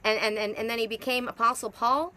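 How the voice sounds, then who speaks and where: Outdoors in the hot, humid air, a middle-aged twin soul facilitator delivers a spiritual monologue that's emphatic and repetitive. She speaks briskly with a sharp tone, her voice on the high side and her intonation fairly even.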